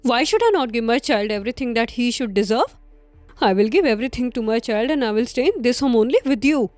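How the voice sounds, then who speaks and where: A woman's voice: fairly high pitch, lively intonation, quick pace, darkish tone, no echo, soft background music, close to an everyday voice. An actress playing a defiant, suspicious pregnant young girlfriend who talks in a demanding, confrontational way.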